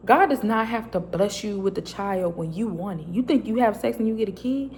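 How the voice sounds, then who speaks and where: Her mid-range, darkish voice is animated and fairly quick, with hardly any pauses. Sitting in a quiet private space, this woman vlogger tells her personal faith story in a chatty, filler-heavy way, acting out what she said.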